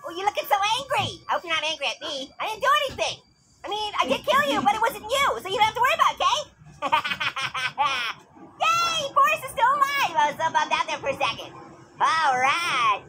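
A gaming YouTuber giving goofy, joking let's play commentary with squealing excited outbursts. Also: very high voice, racing, background noise. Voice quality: goofy and jokey.

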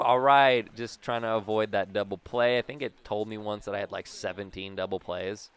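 A young man casually commentating his own baseball video game, joking around and breaking into loud cheers and yells. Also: lowish voice, moderate pace, few pauses, a little hiss or hum. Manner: excitable, jokey, bursts into loud cheers and yells. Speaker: gaming YouTuber.

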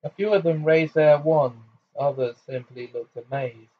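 A man reading a novel aloud in plain, steady narration with small slips. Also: fairly high pitch, a little slow, breathy edge. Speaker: audiobook reader. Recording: slightly muffled home recording.

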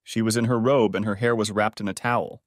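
A man's voice: on the low side, fairly even intonation, quick pace, dry recording, studio quality. A man narrating a first-person audiobook story in a dramatic, emotive reading.

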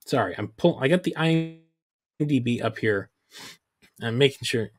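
A man hosting a podcast, recapping a film in a casual, sarcastic, animated way. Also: medium pitch, normal speed. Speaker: podcast host.

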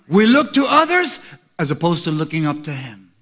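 Middle-aged pastor preaching, high voice, bright edge, goes hushed then shouts. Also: male voice, very animated, normal speed. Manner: preaching that swings from quiet asides to shouted calls. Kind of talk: sermon.

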